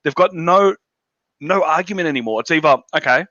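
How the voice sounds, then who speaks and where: A man's voice: a little high, lively intonation, brisk, pushed and bright, no echo. An Australian man hosting a casual political chat, blunt and profane, ranting in a dull lo-fi recording. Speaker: podcast host.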